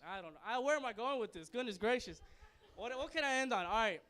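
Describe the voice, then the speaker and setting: Young guy doing standup at a club, kinda high voice, clean and smooth, crude and rambly. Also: animated, quick pace, bright, forceful tone. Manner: loose, crude, rambling, laughs at his own jokes. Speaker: stand-up comedian. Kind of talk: stand-up comedy set. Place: comedy club stage.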